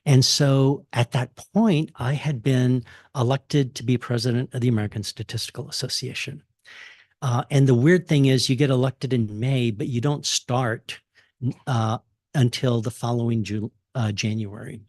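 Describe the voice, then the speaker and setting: An older man from Texas tells a story at a campus talk, chuckling often and restarting his sentences. His voice sits at an ordinary middle pitch and sounds close and dry, with no room echo. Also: fairly even intonation, moderate pace, darkish tone. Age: 60s. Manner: casual, chuckling, many fillers and restarts. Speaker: guest speaker. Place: lecture hall.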